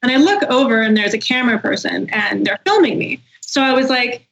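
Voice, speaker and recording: A woman's voice: fairly high pitch, brisk, gravelly, few pauses, highs cut off. A woman guest on a podcast telling a story animatedly, acting out what she said and swearing freely. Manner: animated, swears, acts out quotes. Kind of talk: casual storytelling.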